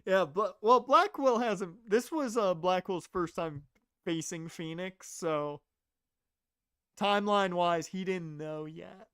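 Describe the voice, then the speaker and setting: A woman's voice: fairly low pitch, slow pace, clear, resonant tone, dry recording, studio quality. A woman streamer playing a game, making chatty, joking asides between lines of dialogue. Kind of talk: reading game dialogue aloud, casual commentary.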